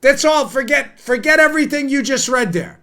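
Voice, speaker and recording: A man's voice: extremely high pitch, animated, moderate pace, bright, forceful tone. Heated, sarcastic male podcast host. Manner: heated and sarcastic, talks straight to his audience. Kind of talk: political commentary.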